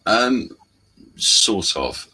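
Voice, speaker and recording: A man being interviewed as an actor, talking frankly and self-deprecatingly over a video call, meandering with pauses. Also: lowish voice, sing-song, sharp tone, a little hiss or hum, low-quality recording. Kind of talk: candid casual chat.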